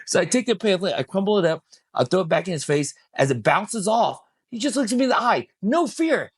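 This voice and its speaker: Husky middle-aged man telling stories. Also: high voice, brisk, no echo, clean studio sound. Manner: animated, swears, acts out quoted lines in a raised voice. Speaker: podcast guest. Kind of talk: casual storytelling.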